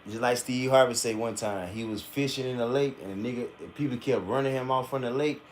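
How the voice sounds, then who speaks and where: A man's voice: medium pitch, a little fast, a little hiss or hum. Blunt, profane man reacting live. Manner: blunt, profane, animated storytelling. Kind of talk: profane casual commentary.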